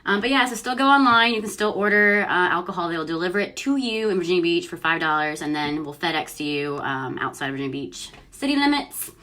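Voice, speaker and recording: A woman's voice: lowish voice, expressive, quick pace, hardly any pauses, sharp tone. A young woman chats casually and giggles while mixing a cocktail at home for her vlog. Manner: chatty and giggly, often trailing off with fillers. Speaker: host of a news and cocktail vlog.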